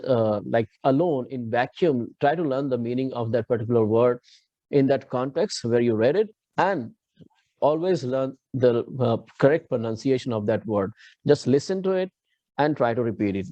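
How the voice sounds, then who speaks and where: Mellow-voiced Indian English teacher. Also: male voice, mid-range voice, no room sound, lo-fi sound. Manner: explanatory, patient, asks students to repeat. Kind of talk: classroom lecture.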